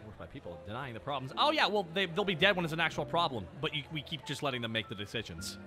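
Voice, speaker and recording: A streamer, a man, chats with his audience in a bouncy, animated way, swinging his voice up and down as he jokes. His voice sits a bit high for a man, and music plays steadily behind him. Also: fast talker. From Canada. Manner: animated, joking, riffs with chat. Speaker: VTuber streamer. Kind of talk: casual live-stream chat.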